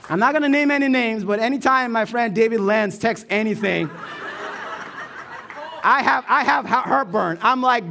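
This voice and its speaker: High-voiced joking pastor. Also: male voice, normal speed, gravelly, a little hiss or hum. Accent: American Midwest. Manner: joking, animated storytelling with asides to the crowd. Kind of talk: sermon. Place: church stage.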